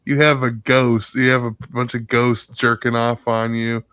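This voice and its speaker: A man retelling a sketch as a blunt fortune teller woman, who delivers strange news in a flat, unbothered tone. The voice stays close to his own and sounds dry. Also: medium pitch, moderate pace, smooth, dry recording, lightly acted. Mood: deadpan.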